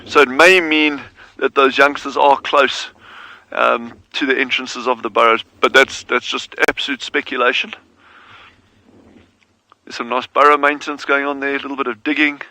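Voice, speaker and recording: A man guiding a live wildlife broadcast outdoors, talking in a relaxed, chatty way and laughing easily. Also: medium pitch, moderate pace, no echo, low-quality recording. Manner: easygoing, chatty, laughs readily. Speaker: wildlife guide. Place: outdoors near meerkat burrows.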